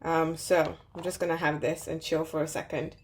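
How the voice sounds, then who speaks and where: A woman's voice: deep voice, little pitch movement, moderate pace, noisy background. A woman vlogging casually at home, chatty and informal as she explains furniture assembly and chats while eating. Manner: chatty, informal, lots of "literally" and "like". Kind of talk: casual how-to vlog chat. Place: home living room.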